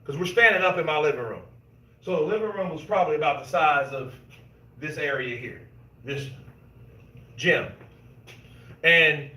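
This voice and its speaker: A man hosting casual boxing commentary, reading viewer comments and telling stories in an animated, emphatic way, swearing freely. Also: on the high side, unhurried, long pauses. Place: gym. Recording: echoey gym room.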